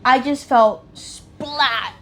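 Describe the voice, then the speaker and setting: A woman's voice: high-pitched, steady tone, very slow, a loud crowd. A woman casually telling the story of giving birth, matter-of-fact and joining in with her partner. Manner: matter-of-fact, chiming in and laughing. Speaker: co-host of a couple's channel.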